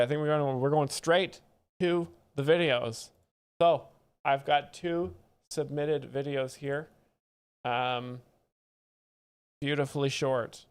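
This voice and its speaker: Deadpan male joke-explainer host. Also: on the high side, clean tone. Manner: deadpan, mock-authoritative. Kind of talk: deadpan comedic commentary.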